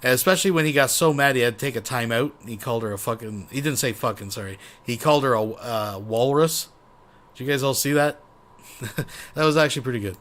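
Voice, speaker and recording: A man's voice: medium pitch, fairly quick, fairly bright tone. Male commentary host, profane and rambling, sarcastic, medium voice. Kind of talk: casual reaction commentary.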